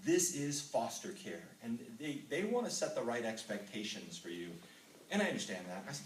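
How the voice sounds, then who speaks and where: A man's voice: medium pitch, big pitch swings, moderate pace, a little hiss or hum. A middle-aged man from Texas giving an earnest testimony to a men's ministry group, reading scripture and telling his own story with frequent ums. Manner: earnest, reads scripture then tells personal story with filler ums. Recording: roomy hall, voice from far off mic.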